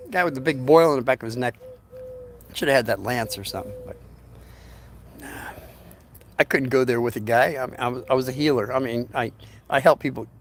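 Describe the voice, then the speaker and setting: A man's voice: mid-range voice, a little hiss or hum. A man telling a long anecdote in a casual, rambling way, with many restarts and fillers. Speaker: storyteller.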